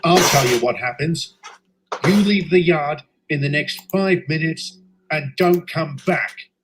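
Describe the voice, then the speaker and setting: A man's voice: a little high, measured pace, a little hiss or hum, natural voice, low-quality recording. A man voicing a tough, proud male station master, firm and clipped. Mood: stern.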